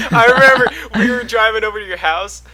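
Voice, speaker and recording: A young man chatting casually as a co-host, telling animated stories and acting out what people said. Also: very high voice, a little fast, crowd noise, rough recording. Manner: animated storyteller, acts out quotes. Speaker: podcast co-host. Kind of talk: casual chat.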